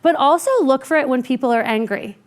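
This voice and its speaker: A woman speaking as a keynote speaker, telling workplace stories conversationally and acting out what people said in quieter voices. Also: high voice, fairly quick. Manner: lively, acts out quoted people in quieter voices; conversational with frequent "like" and "right?". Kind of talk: keynote storytelling.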